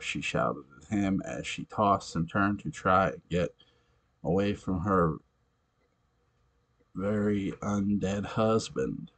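Slow, halting male story reader. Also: low voice, a bit bright. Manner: slow, halting reading with self-corrections. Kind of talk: reading a fan story aloud.

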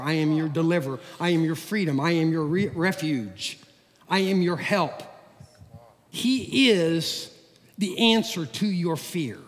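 Folksy preaching man in a reverberant church. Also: on the high side. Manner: folksy, animated preaching with everyday stories. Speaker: pastor. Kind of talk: sermon. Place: church sanctuary. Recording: long hall reverb.

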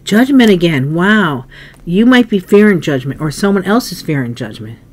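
A woman with a fairly low voice talks through a tarot spread, thinking aloud and pausing to cough or clear her throat. A faint hiss sits under the recording. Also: lively intonation. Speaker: tarot reader. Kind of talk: casual tarot reading.

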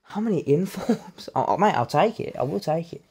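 A man, reacting live as he opens card packs in a game, swearing often and breaking into loud cheers. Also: a little high, moderate pace, breathy edge. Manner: excitable, heavy swearing, bursts into loud cheers. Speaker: gamer opening card packs.

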